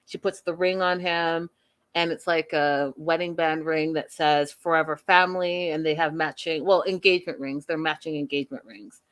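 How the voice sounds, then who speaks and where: A woman's voice: on the low side, a bit bright. A woman hosting an online reality-show recap, chatting casually to her viewers with lots of fillers and asides. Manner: chatty, addresses viewers as "you guys", many fillers.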